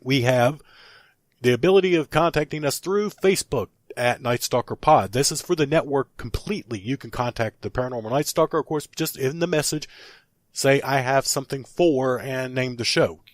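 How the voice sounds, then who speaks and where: A man's voice: medium pitch, normal speed, no room sound, studio quality. A man hosting a paranormal podcast, rattling off plugs in a rambling, self-correcting way until he runs out of breath. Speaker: podcast host.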